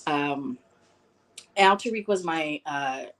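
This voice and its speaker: A middle-aged woman from Chicago giving personal testimony as a bereaved mother, halting with many fillers and close to tears. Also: low voice, fairly bright tone. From Chicago, USA. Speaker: bereaved mother speaking at a town hall.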